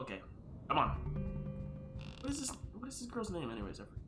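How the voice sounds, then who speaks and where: A man giving panicky, exclaiming commentary as he plays a horror game, often yelling at the screen. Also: high-pitched, huge pitch swings, fast. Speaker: gaming video creator. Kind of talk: live gameplay commentary. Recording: roomy echo with loud game music behind. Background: game music.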